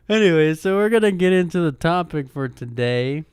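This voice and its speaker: A man's voice: on the high side, lively intonation, moderate pace, few pauses, clean tone, no room sound, studio quality. A young man hosting a casual solo podcast, rambling along in a laid-back way, joking, swearing, and calling the listener "dude" and "man.". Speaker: podcast host.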